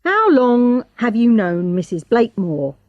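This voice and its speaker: A woman's voice: fairly high pitch, very animated, unhurried, dry recording, muffled recording, pitched above the performer's own voice. A woman voicing a stern male police inspector who questions suspects with pointed tag questions. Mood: probing.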